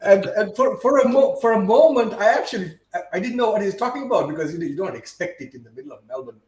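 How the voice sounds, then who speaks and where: A man's voice: high-pitched, expressive, quick pace, darkish tone, reverberant, rough recording. A man from Botswana, a guest on a casual live-stream chat, telling stories with many restarts and repeated words. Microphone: video call.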